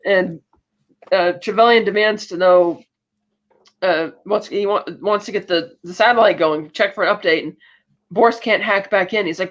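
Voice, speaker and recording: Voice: mid-range voice, normal speed, a bit bright. A podcast co-host casually recapping a film, retelling scenes with loose asides and acted bits of dialogue. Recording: dull lo-fi audio.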